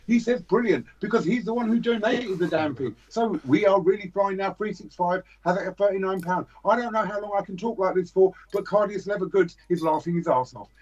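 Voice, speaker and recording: A British man hosting a charity livestream, running a joking fast-patter auction of a silver bar. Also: high-pitched, a little mellow, breathy edge. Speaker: livestream host. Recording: dull lo-fi stream audio.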